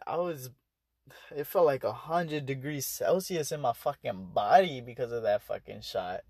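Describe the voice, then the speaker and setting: A man's voice: mid-range voice, a little mellow, no room sound, studio quality. A young adult man telling a story in a rambling, casual way, swearing often and restarting his sentences. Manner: profane, rambling, full of fillers and restarts. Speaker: vlogger.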